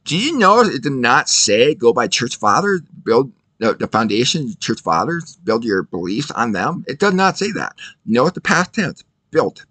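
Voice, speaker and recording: A man's voice: mid-range voice, pushed and bright, no echo. A man giving a casual video Bible lesson, emphatic and repetitive, asking rhetorical questions and answering them himself. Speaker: Bible teacher.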